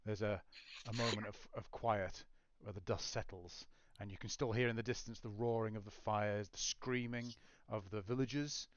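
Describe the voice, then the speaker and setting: A man's voice: lowish voice, steady tone, moderate pace, hardly any pauses, dry recording, lo-fi sound. A man acting as game master, narrating a tabletop game with descriptive, scene-setting narration.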